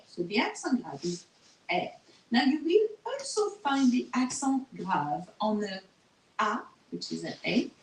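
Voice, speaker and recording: Patient woman teaching with "okay?". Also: fairly high pitch. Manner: patient, repeats words slowly, tags "okay?". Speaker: French teacher. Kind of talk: recorded language lesson. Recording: echoey room, faint noise.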